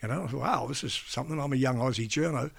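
A man's voice: medium pitch, fast talker, gravelly, a bit bright, slightly rough. An older man, a veteran broadcaster, telling rambling anecdotes in a casual interview, breaking into imitations of people he met. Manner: rambling, restarts sentences, mimics people in quotes.

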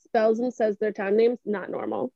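A woman's voice: fairly high pitch, steady tone, moderate pace, warm tone, no room sound, dull audio. A young woman with a New Hampshire accent, co-hosting a podcast and telling stories in casual chat, laughing often. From New England. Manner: chatty storyteller, laughs often. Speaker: podcast co-host.

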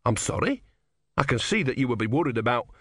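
A man voicing an earnest young male peacemaker who speaks gently and pleads. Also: medium pitch, very animated, quick pace, breathy edge, dry recording, clean studio sound.

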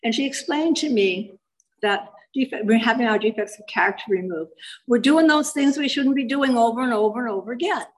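At a meeting, an older woman shares her personal recovery testimony in a fairly high, fairly quick voice on a rough recording. She tells her story with animated emphasis and keeps repeating phrases.

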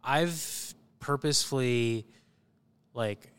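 A man's voice: mid-range voice, slow, a bit bright, clear, resonant tone. A man who is a guest on a podcast, talking casually and thoughtfully with lots of "like" and "you know". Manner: thoughtful, hedging, many fillers. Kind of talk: casual chat.

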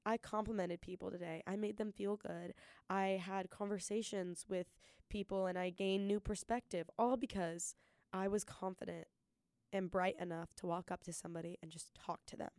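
A young woman hosting a solo podcast, giving an earnest, excited pep talk and talking fast. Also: mid-range voice, clear, resonant tone, dry recording, clean studio sound. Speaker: podcast host.

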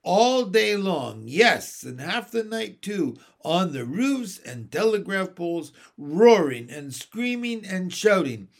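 A man voicing a shrill, cheeky male starling who chatters and wheedles for food. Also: sing-song, slow pace, creaky, hardly any pauses, exaggerated voice. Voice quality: shrill, cockney-tinged.

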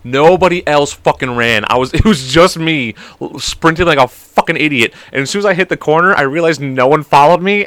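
A young man hosting a podcast, telling a story in a rambling, animated way full of swearing. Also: fairly high pitch, brisk, few pauses, dry recording. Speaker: podcast host. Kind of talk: casual storytelling. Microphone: podcast mic.

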